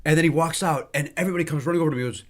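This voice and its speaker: A man chatting as a podcast guest, an animated storyteller who acts out the people in his tales. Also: fairly high pitch, very fast, a little hiss or hum. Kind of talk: casual chat, storytelling.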